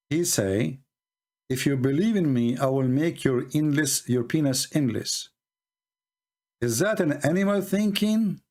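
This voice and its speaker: A man's voice: mid-range voice, a little mellow. A man debating religion and politics in a combative, mocking way, firing rhetorical questions in non-native English. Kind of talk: live call-in debate commentary.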